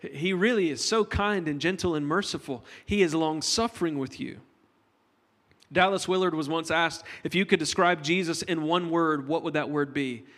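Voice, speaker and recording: A man's voice: fairly high pitch, normal speed, a bit bright. A middle-aged man preaching a conversational sermon to his congregation, joking with them as he goes. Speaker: pastor. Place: church hall. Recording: long hall reverb.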